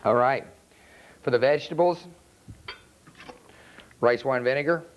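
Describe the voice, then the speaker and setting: A man with a North Carolina accent, a chef talking through a cooking demonstration in a relaxed, plainspoken way. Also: medium pitch, unhurried. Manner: relaxed, plainspoken, step-by-step instruction. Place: outdoor charcoal grill by a house. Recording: dull lo-fi VHS recording.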